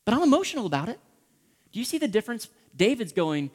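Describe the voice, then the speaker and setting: Impassioned high-voiced pastor preaching in a hall. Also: male voice, big pitch swings, fast talker, breathy edge. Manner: impassioned, acts out prayers and quotes, swings from loud pleading to hushed whispers. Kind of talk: sermon.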